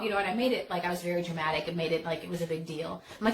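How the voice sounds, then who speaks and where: A woman hosting a storytelling vlog, telling a childhood story in a casual, animated way, full of fillers and dramatic turns. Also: on the low side, quick pace, hardly any pauses. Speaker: storytelling vlogger. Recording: echoey room with faint noise.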